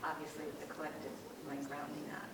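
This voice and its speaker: A woman speaking reflectively and haltingly to a group. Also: low-pitched, completely flat delivery. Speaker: participant. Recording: echoey room, far from mic, noise.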